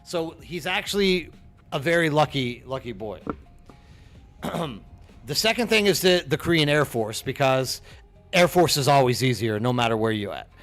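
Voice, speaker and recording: A man's voice: medium pitch, animated, normal speed, a bit bright, faint music behind. A middle-aged man from Texas, chatting casually with viewers on a game stream, friendly and full of "dude", often repeating words as he goes. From Texas, USA.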